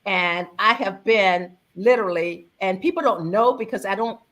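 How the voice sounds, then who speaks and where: A woman in her sixties telling a personal story in a conversational talk, acting out quoted dialogue with lively, expressive delivery. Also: mid-range voice, moderate pace. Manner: animated, acts out quoted dialogue with her own voice. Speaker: guest speaker on faith and mother-daughter bonding.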